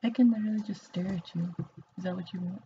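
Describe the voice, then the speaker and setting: A woman's voice: lowish voice, steady tone, fast. A young woman teasing a friend in dry casual banter, heard off-mic without a headset. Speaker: friend in the room. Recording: dull off-mic audio with faint noise.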